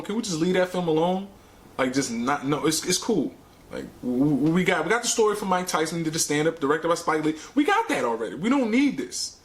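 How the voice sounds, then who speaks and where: Animated man ranting about movies. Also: fairly high pitch, a little hiss or hum. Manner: emphatic, slangy, repeats words for effect. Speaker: movie reviewer, show host. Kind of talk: casual movie rant.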